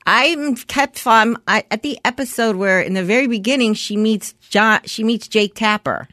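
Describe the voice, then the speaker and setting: A woman's voice: fairly high pitch, pushed and bright, no room sound. Middle-aged lady on a podcast, agreeable, laughs a lot, dry studio mic. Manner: agreeable, laughs often, quick backchannels. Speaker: podcast co-host. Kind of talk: casual chat.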